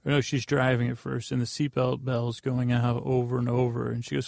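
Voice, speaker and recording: A man with a heavily gravelly, creaky voice talks through a recap of an episode. His pitch barely moves, so he sounds like an even drone. He rambles offhand and often corrects himself mid-sentence, and his voice sits close and dry on the mic. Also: a little fast, no room sound. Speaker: podcast host.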